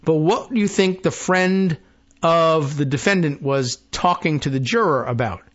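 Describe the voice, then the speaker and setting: A man's voice: on the high side, a little slow, muffled recording. Sarcastic male talk show host. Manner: sarcastic, mocking, acts out imagined quotes. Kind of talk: sarcastic solo commentary reading news.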